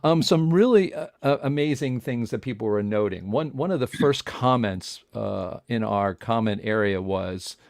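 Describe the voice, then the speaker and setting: Brief: male interview host, rambling and halting, lots of fillers and restarts, dry close sound. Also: fairly low pitch, animated, creaky, darkish tone, dry recording. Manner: rambling, fast-thinking, leaves sentences unfinished, many fillers. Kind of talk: casual interview talk.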